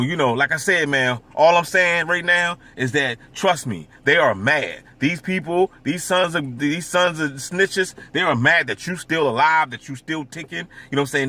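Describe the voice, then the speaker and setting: A man's voice: fairly high pitch, sharp tone. A man vlogging in a casual, rambling monologue, with stammering repeats and constant filler asides.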